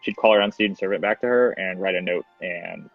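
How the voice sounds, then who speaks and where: A man's voice: low voice, fairly quick, vocal fry, no echo. A man narrating as game master in a tabletop game, rambling with restarts and fillers. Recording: dull lo-fi with faint music.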